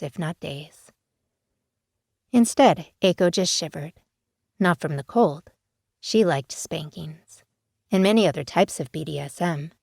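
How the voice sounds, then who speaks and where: Low-voiced woman narrating an audiobook. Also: a little mellow, no room sound. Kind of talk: scripted narration. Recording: dry close studio sound.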